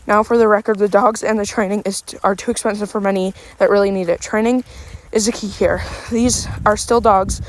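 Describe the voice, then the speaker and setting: A woman's voice: medium pitch, steady tone, fairly quick, low-quality recording. A woman reading comments aloud and rebutting them indignantly while out walking her dog, out of breath. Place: outdoors on a street walk. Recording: faint street noise, passing cars.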